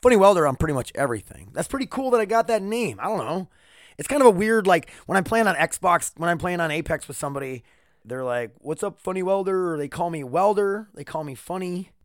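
Man, podcast host, rambling, profane, joking, sore after neck surgery, slightly high voice, dry close sound. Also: lively intonation, a little fast, no echo. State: in pain after neck surgery, wearing a neck brace. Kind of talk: casual solo podcast chat.

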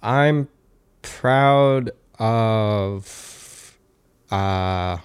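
A man's voice: on the low side, extremely slow, clear, resonant tone. A man as a podcast guest, chatting casually and thoughtfully, with many restarts and fillers.

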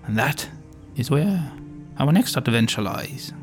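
This tabletop player speaks as his character Shrew with the theatrical bluster of a pompous adventurer. He has a mid-range voice, animated and a little slow, over soft background music.

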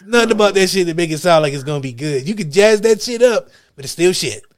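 A man hosting a podcast, telling loud, profane, animated stories in casual comedic chat. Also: sits high, fast talker, crowd noise. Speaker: podcast host.

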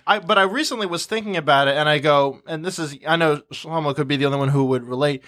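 Slightly high young man, laughing. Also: fast talker, fairly bright tone. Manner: laughs often, hesitant with "uh" fillers. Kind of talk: casual chat.

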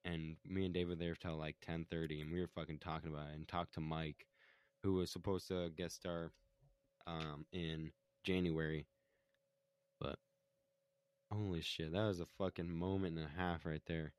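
Low-voiced man ranting in casual chat. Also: flat delivery, moderate pace, clean tone, no room sound. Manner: heated, swears constantly, acts out quotes. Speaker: podcast co-host telling a story.

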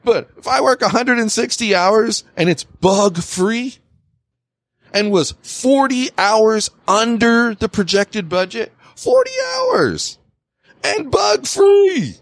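A man hosting a podcast, telling a work story in casual chat, swearing freely. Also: no room sound. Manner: animated, swings pitch widely, swears freely. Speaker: podcast host.

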